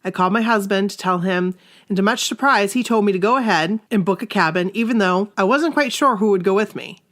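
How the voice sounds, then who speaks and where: A woman co-hosting a podcast, reading listener stories aloud in a casual, animated way and often laughing. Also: brisk. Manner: animated, laughs often, jumps into high exclamations.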